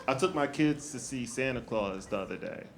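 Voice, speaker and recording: A young man performing a stand-up comedy set, telling stories with lively shifts and jumping high for quoted lines. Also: unhurried. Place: comedy club stage with laughing audience. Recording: echoey club room, loud crowd laughter.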